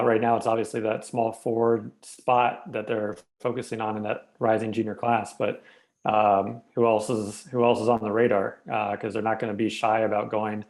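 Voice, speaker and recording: A man co-hosts a sports podcast in a flat, even voice. He talks haltingly, stopping to search for his words. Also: on the low side. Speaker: podcast co-host, recruiting analyst. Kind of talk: casual sports podcast chat.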